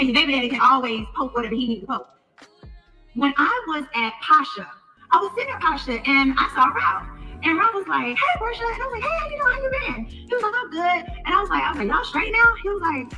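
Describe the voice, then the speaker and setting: High lively fast-talking woman. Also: low-quality recording. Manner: animated, acts out quoted dialogue. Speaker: podcast host. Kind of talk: casual storytelling rant.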